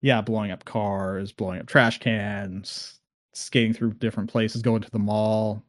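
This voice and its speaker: Low-voiced rambling podcast host. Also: male voice, little pitch movement, a little slow, dry recording, clean studio sound. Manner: rambling, many ums. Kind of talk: casual podcast chat.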